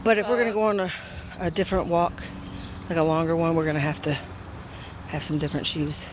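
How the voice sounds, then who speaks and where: Out on a neighborhood stroll with her pets, an American woman vlogs casually, talking to viewers and sweet-talking the animals in a high sing-song way. She speaks fairly quickly in a steady tone, and there's background noise.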